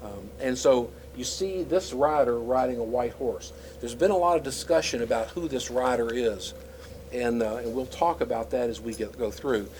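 A man's voice: mid-range voice, normal speed, darkish tone, a little hiss or hum, rough recording. A man teaching scripture in a conversational, explanatory way, with frequent fillers and restarts. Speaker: Bible teacher.

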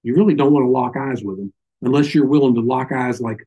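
A man's voice: medium pitch, fast talker, mellow, slightly rough, dull audio. An older man with a Southern accent giving an informal Bible teaching, folksy and full of little stories and asides. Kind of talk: informal sermon.

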